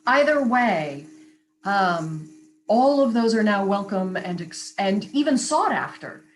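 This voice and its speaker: A woman who works as a vocal coach, answering interview questions in a clear, articulate, explanatory way and laughing easily. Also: medium pitch, animated, slow pace, a little hiss or hum, poor audio.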